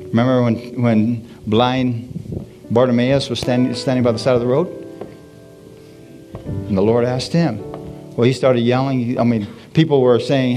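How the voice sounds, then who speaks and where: A man preaches at a middling pitch, animated and repetitive, breaking in with hallelujahs. A soft guitar plays quietly underneath. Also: normal speed, long pauses. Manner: animated, repeats phrases, frequent hallelujahs. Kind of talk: sermon.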